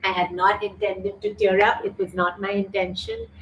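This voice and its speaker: A woman's voice: mid-range voice, little pitch movement, normal speed, fairly bright tone, slight background noise. A middle-aged woman hosting a live online yoga class, teary and heartfelt as she talks to viewers and reads their comments. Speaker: yoga teacher and show host. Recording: roomy echo, distant mic, faint ambience.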